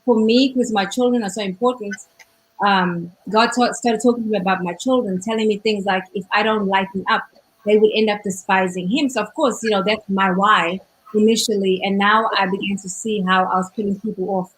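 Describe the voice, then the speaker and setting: A woman co-hosting a casual talk show over a video call, speaking English with an accent, talking fast and rolling her R's when excited. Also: medium pitch, slight background noise, low-quality recording. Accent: non-native English accent. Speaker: co-host. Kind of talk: casual chat.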